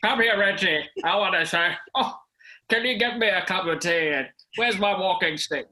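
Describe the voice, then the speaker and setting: A man's voice: high-pitched, normal speed, bright, forceful tone, voice pushed up, poor audio. A man voicing a doddering old grandfather with an Australian accent, fussy and helpless with his computer and walking stick. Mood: bumbling. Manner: quavering, bumbling old-man talk.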